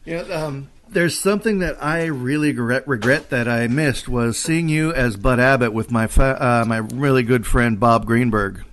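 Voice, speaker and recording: A man's voice: mid-range voice, moderate pace, hardly any pauses, a bit bright, slight background noise. A man hosting an interview, chiming in with short, encouraging remarks. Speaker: host. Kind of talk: casual interview chat.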